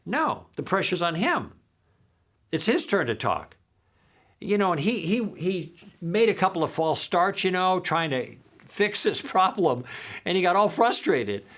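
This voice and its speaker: A man leads a recorded teaching session, working through anecdotes from his own conversations. He acts out each side of the exchange, and his voice swings widely in pitch as he goes. He keeps pulling the listeners in with quick "okay?" and "all right?" check-ins. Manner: animated storyteller who acts out dialogue and checks in with "okay?". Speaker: apologetics teacher.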